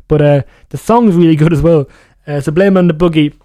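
A man's voice: on the high side, fairly quick, warm tone, no echo. A young man hosting a music radio show, chatting casually in a rambling way and often correcting himself. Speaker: radio DJ host.

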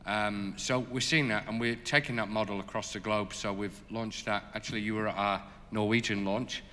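A man telling stories in an interview as a charity leader, animated and full of fillers. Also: lowish voice, normal speed, big-room sound. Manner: animated, lots of fillers, laughs as he tells it. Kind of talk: storytelling in an interview.

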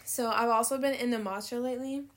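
A woman's voice: a little high, fairly even intonation, quick pace. A young woman vlogging in a casual, candid monologue, rambling between thoughts, swearing freely and laughing often.

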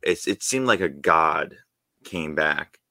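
Man, deep low voice, bright tone, excited rambling talk, dry close sound. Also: slow, no echo. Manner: excited, rambling with many fillers and restarts. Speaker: podcast co-host. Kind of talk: casual podcast chat.

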